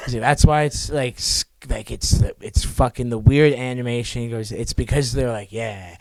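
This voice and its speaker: A man's voice: medium pitch, steady tone, normal speed, darkish tone, no room sound. A young man co-hosting a podcast, laid-back in casual chat and swearing freely. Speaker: podcast co-host.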